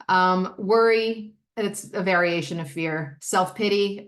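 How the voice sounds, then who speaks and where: A woman leading a recovery step study in a casual, candid, self-mocking way. She jumps into high mock-voices and drops into low muttered asides. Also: unhurried. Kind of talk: casual talk on a recovery text.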